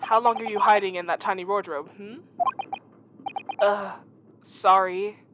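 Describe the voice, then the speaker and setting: A woman voicing a gruff, pompous male officer in a clumsy mock-Russian accent, reading lines over game music. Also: medium pitch, steady tone, measured pace, fairly bright tone, slight background noise, lightly acted. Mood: accusing. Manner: clumsy, overdone, menacing.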